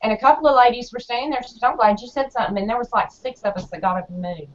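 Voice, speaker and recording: A woman in casual chat, a blunt, animated storyteller who acts out her arguments. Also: a little high, very fast, slight background noise. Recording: dull lo-fi audio.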